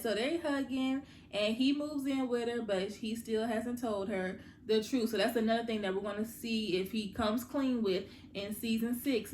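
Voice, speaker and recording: A chatty woman recapping a TV episode in a slightly high voice, talking straight to her viewers and slipping into quick paraphrases of the characters. The room gives her voice a roomy echo, with a faint hum behind it. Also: fairly even intonation, a little mellow. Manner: chatty, addresses viewers directly. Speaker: TV recap host. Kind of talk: casual recap chat.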